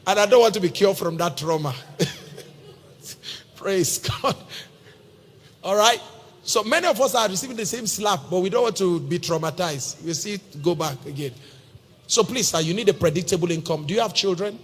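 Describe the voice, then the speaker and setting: Nigerian pastor preaching in a big hall. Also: male voice, high-pitched, expressive, moderate pace, pauses often. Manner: storytelling, humorous, addresses listeners as sir. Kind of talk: sermon. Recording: long hall reverb.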